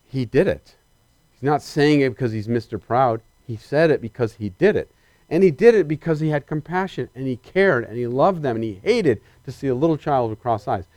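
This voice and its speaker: A male preacher delivering a sermon, animated and emphatic, questioning his congregation directly and swinging between loud excitement and quiet earnestness. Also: medium pitch, moderate pace, no echo.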